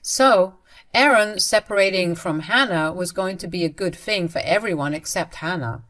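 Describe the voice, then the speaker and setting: A woman's voice: on the low side, moderate pace, a bit bright. A woman narrating a first-person family drama story in a matter-of-fact way, addressing her listeners.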